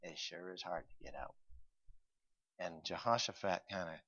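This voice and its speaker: Forceful preacher man, dull lo-fi recording. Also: sits low, normal speed, no echo. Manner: swings from quiet explaining to loud urgent pleading; reads old-fashioned scripture aloud with emphasis. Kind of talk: sermon reading and expounding scripture.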